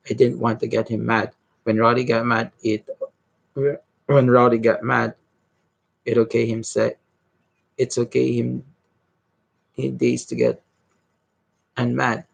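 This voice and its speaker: A man reads a novel aloud, haltingly, often stumbling over words and going back to restart them. His voice is gravelly and husky and stays flat in pitch. The sound is close and dry. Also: dry recording, rough recording. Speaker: reader.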